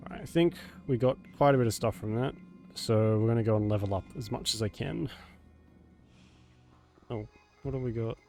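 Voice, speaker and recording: A man's voice: fairly low pitch, moderate pace, pauses often, darkish tone, soft background music. A man chatting casually while streaming a game live. He laughs often and keeps saying meow. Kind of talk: casual live gameplay chat.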